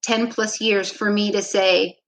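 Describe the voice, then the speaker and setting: A woman basketball coach, appearing as a podcast guest, tells a reflective story in an unhurried, mid-range voice over poor audio. Relaxed and thoughtful, she acts out lines she once said and sprinkles in plenty of "you know"s during the conversational interview.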